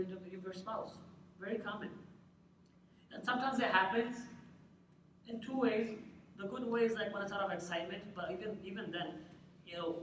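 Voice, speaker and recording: A young man giving a lively religious talk, often firing questions at his audience. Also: sits high, a little hiss or hum. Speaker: lecturer. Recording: echoey hall, mic at a distance.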